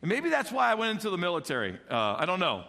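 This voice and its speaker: A middle-aged male pastor preaching, his voice high and bright as he tells stories with animated energy. He acts out childhood voices along the way. The sound carries a long echo, as in a large church hall. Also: quick pace, vocal fry. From Illinois. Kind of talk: sermon.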